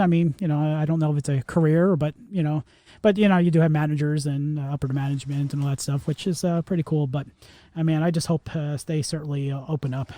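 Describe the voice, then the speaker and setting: A man's voice: on the high side, darkish tone, dry recording. A man in his forties hosting a podcast, rambling in a casual monologue full of fillers and restarts. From Florida, US. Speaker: podcast host.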